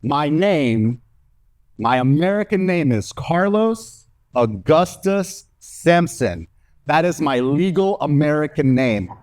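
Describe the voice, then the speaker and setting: A man's voice: fairly high pitch, sing-song, takes it slowly, darkish tone, no room sound. A man from Mexico in his thirties doing a stand-up comedy set, loose and profane, often laughing at his own jokes.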